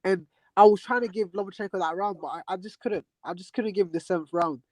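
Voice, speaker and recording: A man's voice: sits high, quick pace, darkish tone, no room sound. A man on a panel breaking down a boxing fight round by round, earnest, repeating words and restarting often. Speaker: panel guest.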